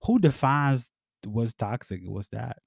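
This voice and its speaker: A man's voice: mid-range voice, expressive, measured pace, gravelly, no echo, studio quality. A man hosting a podcast, talking in a casual, rambling, reflective way with many fillers and restarts, and closing with encouragement. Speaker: podcast host.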